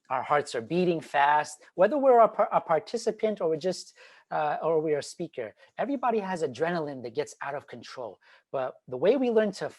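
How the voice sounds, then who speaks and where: A man giving an online talk on teaching, animated and demonstrative, swinging between loud and quiet. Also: fairly high pitch. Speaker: teacher trainer. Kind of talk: online presentation. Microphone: video call.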